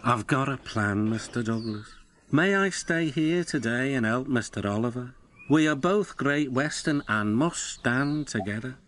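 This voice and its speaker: A man voicing a loyal, respectful old brake van who speaks in a low, confiding way. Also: lively intonation, a little slow, fairly bright tone, slight background noise. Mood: deferential. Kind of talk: storybook narration.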